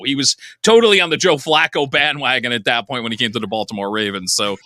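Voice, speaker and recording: A man with a New Jersey accent hosting a podcast, chatting in a casual and animated way. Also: medium pitch, fast, few pauses, no room sound, clean studio sound. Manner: chatty, animated, laughs easily. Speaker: podcast host. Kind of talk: casual interview chat.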